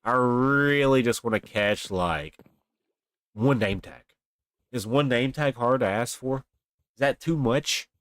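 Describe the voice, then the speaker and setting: A young man livestreams a game from a desk mic and webcam, talking casually to chat while grumbling and exaggerating about his bad luck. His medium-pitched voice is animated but slow, with long pauses and no room sound.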